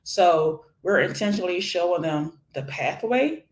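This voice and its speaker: A woman from Philadelphia in her forties, an education nonprofit founder giving an energetic, animated interview and laughing often. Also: lowish voice, measured pace. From Philadelphia, USA. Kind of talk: conversational interview. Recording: echoey room.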